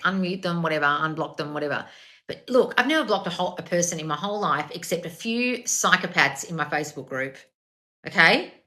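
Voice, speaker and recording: A woman coaching on a livestream, her voice bright and forward. She answers viewer comments bluntly, swears freely and calls everyone darling. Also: lowish voice. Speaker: self-help coach.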